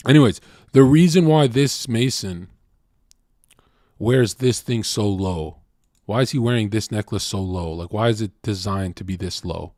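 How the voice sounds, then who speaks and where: A man's voice: fairly low pitch, moderate pace, a little mellow, no echo, studio quality. A man streaming live, ranting bluntly and profanely at his chat in a confrontational way. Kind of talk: casual rant to a live chat.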